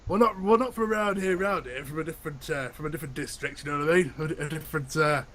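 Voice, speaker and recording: Man, higher voice, stammering player, faint background hiss. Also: quick pace, a bit bright. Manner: stammering, laughs often, slangy in character. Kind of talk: tabletop role-play session.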